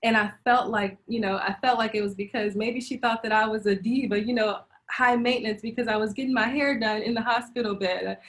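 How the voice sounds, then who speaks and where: A woman's voice: a little high, steady tone, brisk, few pauses, fairly bright tone. A woman speaking candidly and emotionally as a panel guest, telling a personal story with frequent laughs and restarts over a video call. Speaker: panel guest sharing birth experience.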